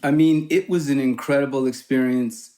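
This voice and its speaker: A middle-aged man chatting as a podcast guest, recounting his work with lively, acted-out quotes. His voice sits mid-range and swings upward when he plays other people in his anecdotes. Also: mid-range voice, normal speed. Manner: animated storyteller, acts out quoted people. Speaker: guest actor. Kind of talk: casual chat.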